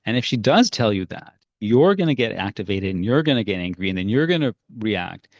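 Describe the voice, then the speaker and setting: A man's voice: lowish voice, big pitch swings, a little fast, dry recording, muffled recording. A man teaching parents a strategy in an earnest, storytelling way. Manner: earnest, storytelling with acted-out quotes. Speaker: parenting coach.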